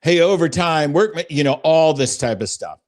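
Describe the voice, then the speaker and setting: A man's voice: a little high, animated, normal speed, a little mellow. Earnest middle-aged man telling a story. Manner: earnest, emotional, rambling with fillers. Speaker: podcast host. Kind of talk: casual faith podcast storytelling.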